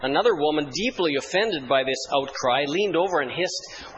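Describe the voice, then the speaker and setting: Slightly high and lively in intonation, this man's fairly bright voice moves at a moderate pace through poor audio with slight background noise. He's a pastor giving a sermon, spinning humorous church anecdotes in a dry storytelling style and mock-solemnly reciting an old-fashioned hymn before getting to scripture.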